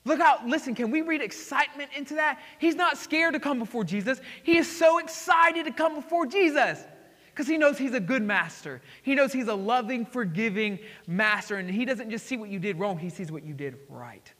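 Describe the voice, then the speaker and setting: Excitable guy preaching, high bright voice, lots of hall echo, goes loud then hushed. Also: fairly quick. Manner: excitable, swings between loud exclamations and hushed asides. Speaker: pastor. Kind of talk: sermon. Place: church sanctuary. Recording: hall reverb.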